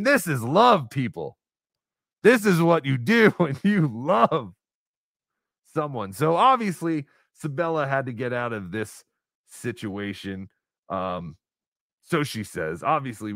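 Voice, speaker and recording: A man's voice: mid-range voice, big pitch swings, measured pace, a bit bright, no room sound. Man, podcast host, casual rambling delivery, dry close sound. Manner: rambling, hesitant, with many fillers. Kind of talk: casual live-stream chat.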